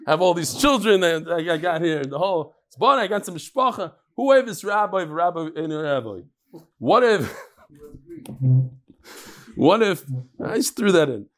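A man teaching a live daily Talmud class, talking quickly and animatedly, with frequent restarts and Hebrew terms. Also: on the high side, big pitch swings, fairly bright tone.

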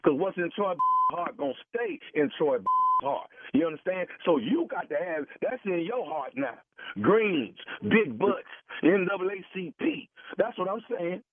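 A man's voice: sits high, animated, measured pace. A man making a prank phone call on a radio show, persistent and pleading, repeating himself. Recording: tinny phone line, dry.

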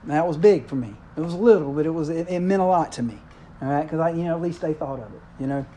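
Middle-aged guy preaching, kinda high mellow voice, chatty, keeps asking the church amen right. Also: fast talker, a little hiss or hum. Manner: conversational, checks in with the congregation. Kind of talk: sermon.

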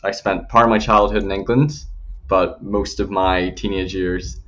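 A man's voice: low voice, fairly even intonation, a little slow, fairly bright tone. A young man with a Northern Irish accent, talking earnestly as an interview guest, with frequent fillers. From Northern Ireland. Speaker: guest, YouTube channel creator. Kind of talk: casual interview conversation. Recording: slightly dull lo-fi audio.

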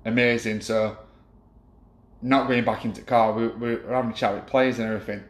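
A man's voice: mid-range voice, little pitch movement, fairly quick. A man telling football stories in a casual chat, rambling with many restarts. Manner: rambling storyteller, hesitant restarts. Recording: roomy echo.

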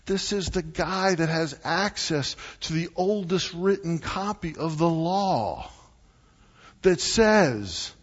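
A man preaching a sermon, animated and deliberate, swinging between loud and hushed delivery. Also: a little high, husky. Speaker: pastor. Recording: muffled, echoey church hall.

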